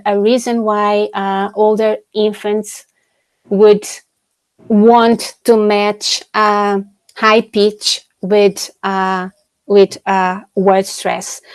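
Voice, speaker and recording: A woman researcher takes audience questions in an online academic Q&A, speaking slowly and hesitantly with plenty of fillers and restarts. Her voice sits in a middle pitch. The video-call sound is dry and close. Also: a little mellow, no room sound. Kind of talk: academic webinar Q&A.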